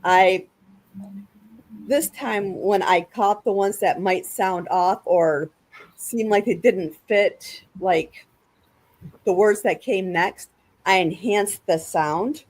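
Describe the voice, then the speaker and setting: A woman's voice: medium pitch, takes it slowly. A woman hosting a casual panel discussion over a video call, explaining things at length with frequent restarts. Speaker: podcast host.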